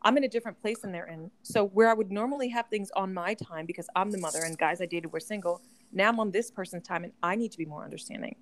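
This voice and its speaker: A woman's voice: mid-range voice, quick pace. Chatty woman about forty on a podcast, tells stories, acts out quotes. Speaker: podcast co-host. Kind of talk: casual chat.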